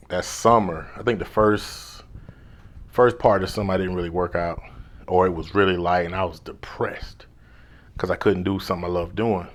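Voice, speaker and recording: A man, a life coach, telling a personal story in a laid-back, slangy way, now and then dropping to a hushed whisper. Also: deep voice. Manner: drops to a hushed whisper when replaying his inner thoughts.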